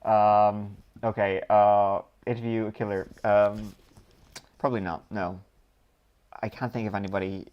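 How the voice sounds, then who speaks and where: A man's voice: on the low side, level tone, measured pace, dull audio. A man with a Dublin Irish accent casually reading out viewer questions on a live stream and answering them with lots of ums and rambling asides. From Ireland. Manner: rambling, reads questions aloud then answers with many ums.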